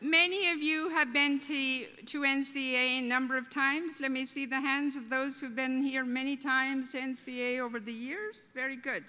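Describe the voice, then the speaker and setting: Woman, Irish accent, high voice, bright tone, folksy humorous welcome speech. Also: steady tone, moderate pace, hardly any pauses. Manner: warm, joking, folksy. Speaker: host welcoming a convention. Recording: reverberant convention hall.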